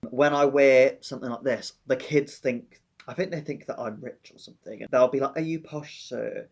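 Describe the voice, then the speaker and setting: A man's voice: medium pitch, fairly even intonation, fairly quick. A Welsh man, a teacher, chatting casually and wryly to camera with a slightly dramatic touch. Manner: chatty, wry, a bit dramatic. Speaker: teacher and book vlogger. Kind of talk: casual chat.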